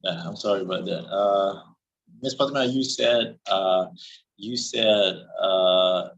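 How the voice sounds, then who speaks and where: Halting male student on a lo-fi call. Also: low-pitched, vocal fry. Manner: halting, searches for words, many restarts. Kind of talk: speaking practice in an online class.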